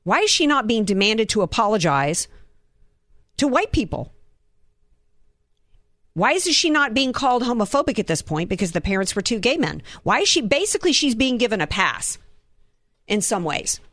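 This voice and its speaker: A woman's voice: on the high side, very animated, moderate pace, pauses often, fairly bright tone, no echo, clean studio sound. A woman from the Southern United States giving a political commentary monologue, indignant and firing off rhetorical questions.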